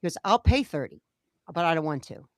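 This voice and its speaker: A woman's voice: sits low, animated, a little fast, dry recording, studio quality. A woman co-hosting a casual chat, telling a story animatedly and acting out the dialogue of the people in it. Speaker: co-host.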